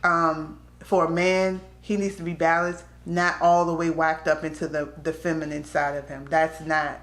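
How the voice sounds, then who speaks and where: A woman shares her story in a frank, conversational way, her voice sitting on the low side. The sound bounces around the room with a noticeable echo. She talks casually to her audience like a friend. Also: level tone, moderate pace. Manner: candid, conversational, slips into quoted voices. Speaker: vlogger. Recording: echoey room.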